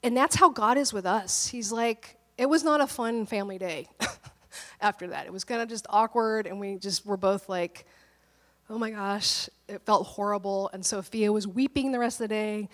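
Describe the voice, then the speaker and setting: A woman pastor in her thirties, slightly hoarse from a cold, telling a personal story in an animated, candid sermon. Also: mid-range voice, normal speed, in a large hall.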